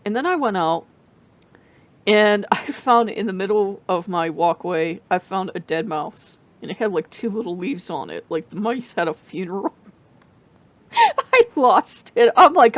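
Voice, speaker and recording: A woman talks straight to camera in a casual vlog, animated and often breaking into laughter. Her pitch sits in the middle but swings widely as she tells the story. The recording is dry and a little dull. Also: measured pace, no room sound. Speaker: channel host.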